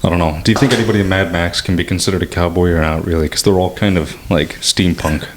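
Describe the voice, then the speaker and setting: A man's voice: deep voice, fairly even intonation, fast talker, slight background noise. A young man co-hosting a podcast, talking in a laid-back way with many fillers and casual swearing. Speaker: podcast co-host. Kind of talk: casual chat.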